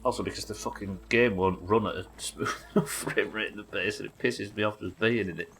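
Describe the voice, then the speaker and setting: A man from New Zealand, his accent plain, plays a game live while talking his plans through out loud. His voice sits low but comes across bright and forceful. He chats loosely with his viewers and swears offhand. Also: steady tone, brisk, faint music behind. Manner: chatty, thinks aloud, swears casually, answers chat. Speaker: streamer. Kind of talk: live gameplay commentary.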